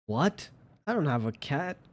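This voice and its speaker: A man's voice: big pitch swings, measured pace. A man streaming live, chatting casually and gushing playfully over viewer pictures. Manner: gushing and playful, jumps into squeaky high exclamations.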